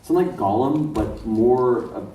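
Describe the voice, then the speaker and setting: A man's voice: medium pitch, a little slow. A man voice actor sharing joking anecdotes on a convention panel. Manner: joking, acts out shouted lines. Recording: echoey room from far off, noisy.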